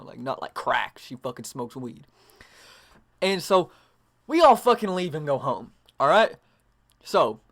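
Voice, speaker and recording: A man's voice: mid-range voice, fairly bright tone. A young adult man telling a long, rambling story to camera, full of profanity and fillers. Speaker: vlogger.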